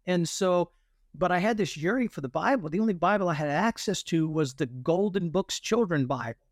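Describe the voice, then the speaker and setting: Interview guest, male, animated storyteller who mimics others; somewhat high pitch, dry studio sound. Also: normal speed, no echo. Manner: animated storyteller, acts out quoted voices. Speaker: guest, military veteran and artist. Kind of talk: testimony in an interview.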